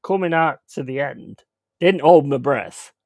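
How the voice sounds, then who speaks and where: A man's voice: fairly high pitch, measured pace, dry recording. A man telling rambling, profane holiday stories in a casual podcast chat. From England. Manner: profane, laughing, rambling anecdotes. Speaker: podcast host.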